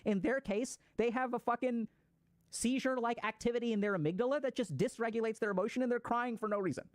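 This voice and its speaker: A man's voice: very high voice, fast, no echo. A man giving a casual explanatory talk on mental health, swearing freely and acting out people's reactions.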